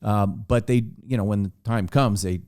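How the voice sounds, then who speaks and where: Low, dark-voiced man telling stories. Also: normal speed, dry recording, clean studio sound. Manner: animated storyteller acting out dialogue. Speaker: podcast guest storyteller. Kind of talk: casual anecdote telling.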